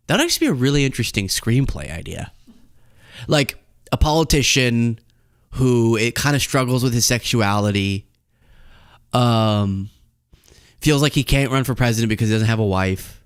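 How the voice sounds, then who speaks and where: Young guy host riffing on a goofy movie idea, smooth clear voice, dry close mic, super jumpy pitch. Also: no echo. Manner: rambling, improvising a comedy bit. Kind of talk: casual political commentary.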